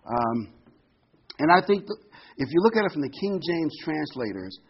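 Speaking at an ordinary speed with a slightly high, sing-song voice and a breathy edge, this sixty-something man offers an informal Bible lesson. He's conversational and homespun, often pausing with ums and wandering into asides, all captured on a dull, low-fidelity recording.

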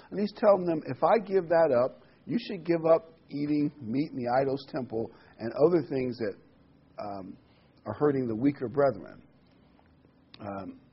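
A man's voice: mid-range voice, husky. A man preaching a Bible study sermon, reading scripture aloud, telling jokes and stressing key words. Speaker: pastor. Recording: dull lo-fi recording.

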